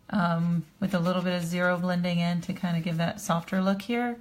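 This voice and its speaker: A woman casually chatting on a live stream about her coloring, thinking aloud as she works in a small home studio, picked up on a phone. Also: lowish voice. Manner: unhurried, thinking aloud while working.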